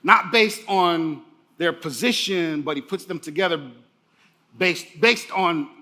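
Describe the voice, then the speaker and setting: A middle-aged man delivers a motivational keynote in a bright, high voice. He is emphatic and repeats his key phrases over and over so the audience remembers them. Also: slow pace. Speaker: keynote speaker.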